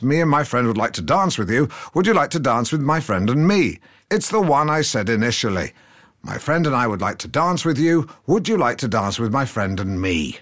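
An English actor playing a pompous, pedantic, self-satisfied broadcaster who rambles through a scripted comedy monologue. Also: male voice, mid-range voice, a bit bright. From England.

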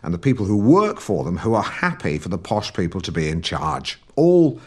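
A man's voice: deep voice, wildly swooping pitch, moderate pace, slightly rough, exaggerated voice. A man playing a pompous, awkward middle-aged broadcaster who hosts a podcast, rambling and stumbling over his words in a comic monologue. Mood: self-satisfied. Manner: pompous and rambling, full of hesitations and restarts. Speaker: podcast host. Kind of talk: scripted comedic character monologue.

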